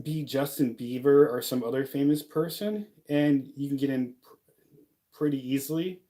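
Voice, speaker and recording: A man's voice: medium pitch, gravelly, dark tone. A young man chatting casually in a vlog, rambling and joking, with many fillers and laughs. He is from the United States. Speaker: vlogger living abroad. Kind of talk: casual talking-head vlog.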